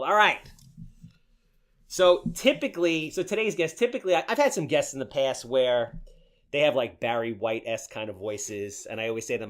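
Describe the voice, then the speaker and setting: A man's voice: mid-range voice, fairly quick. A man with a nasal voice, hosting a podcast in brash, joking chat. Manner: brash, joking salesman patter. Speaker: podcast host. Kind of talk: casual interview chat.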